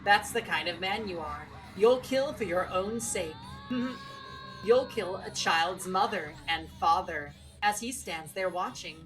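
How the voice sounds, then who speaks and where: A woman's voice: on the low side, lively intonation, takes it slowly. A woman voicing a cruel, mocking taunter in a sneering manner. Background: game music.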